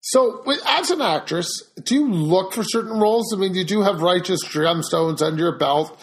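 A woman's voice: on the low side, moderate pace. A woman hosting an interview show, asking her guest upbeat questions. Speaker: talk show host.

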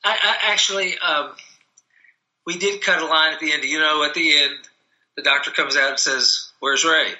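A man's voice: a little high, steady tone, normal speed, sharp tone, lo-fi sound. A man talking casually about the short film he wrote, rambling with many fillers and restarts. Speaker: filmmaker interviewed about his short film. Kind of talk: casual interview.

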